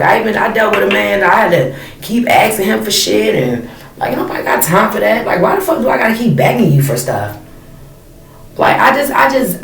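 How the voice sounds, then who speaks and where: A woman in her thirties vents in a blunt, profane, fired-up rant, her voice rough with vocal fry. She sits back from the mic in a roomy, echoing space. A faint noise runs underneath. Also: medium pitch. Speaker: storyteller vlogger. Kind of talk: casual rant to camera. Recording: echoey room, mic at a distance, faint noise.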